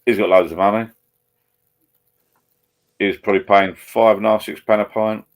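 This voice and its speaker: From his home beside a laptop, a man with an Essex accent hosts a live stream, bantering casually over a video call in a rambling, blokey way. His voice is lowish, his intonation fairly even, his speed normal.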